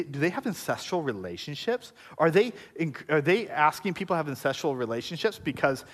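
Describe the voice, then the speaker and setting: A male pastor delivers a sermon in a relaxed, conversational way, slipping in jokes and playful asides to the congregation. His speaking voice sits notably high for a man. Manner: conversational, joking preacher with asides. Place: church service before a congregation.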